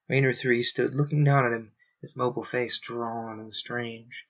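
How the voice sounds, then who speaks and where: A man reading a novel aloud on a stream, in steady, earnest storybook narration with dramatic pauses. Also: mid-range voice, lo-fi sound.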